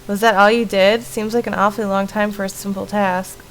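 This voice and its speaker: A woman's voice: mid-range voice, flat delivery, fairly quick, a little hiss or hum, close to an everyday voice, rough recording. A woman reading aloud as a young heroine who questions and accuses her friend about her missing sister. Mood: suspicious.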